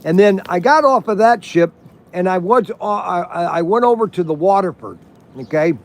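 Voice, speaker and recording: A man's voice: high-pitched, lively intonation, normal speed. A man in his sixties telling rambling stories at an outdoor campfire, acting out what others said. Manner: rambling, acts out quoted voices. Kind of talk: casual storytelling.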